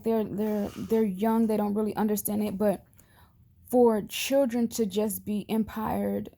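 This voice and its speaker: A grieving mother holding back tears as she records a personal video message to camera, speaking earnestly and haltingly, her sentences often trailing off. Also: medium pitch, gravelly, warm tone.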